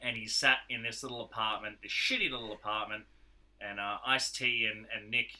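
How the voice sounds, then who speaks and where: A man's voice: fairly low pitch, fairly even intonation, fairly quick, bright, forceful tone. An Australian man co-hosting a podcast, animatedly retelling a film's plot in casual chat and acting out the characters' lines. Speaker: podcast co-host. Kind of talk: casual film review chat.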